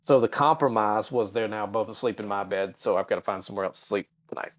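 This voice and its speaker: A middle-aged man co-hosts a live-stream podcast, speaking fast in a fairly low, steady voice. He's blunt and sarcastic and swears a lot in this casual chat, and the recording is dry.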